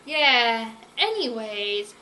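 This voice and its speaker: A woman's voice: on the high side, very animated, extremely slow, sharp tone, slight background noise, full character voice, rough recording. A woman voicing a confident, knowing female dog who speaks cool and matter-of-fact with a teasing edge, in a storybook reading. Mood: sly.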